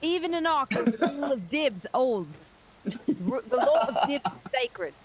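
A woman's voice: high-pitched, sing-song, a little slow, a little hiss or hum, low-quality recording. A woman player at a tabletop game with a brash, teasing manner.

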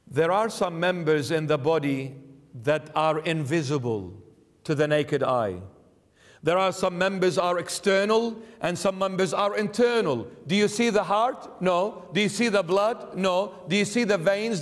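High-voiced preacher in a reverberant church. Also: male voice. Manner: emphatic, full of rhetorical questions. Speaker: bishop preaching. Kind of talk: sermon.

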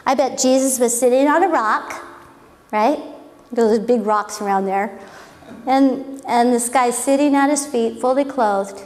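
A woman's voice: on the high side, measured pace, darkish tone, big-room sound. A woman teaching a Bible story as a sermon, telling it with animation and acting out what the people said.

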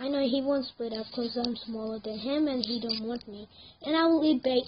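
A woman giving live commentary on her gameplay, excitable, yelling at the game and repeating words over and over. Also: on the high side, moderate pace, dull audio, slight background noise.

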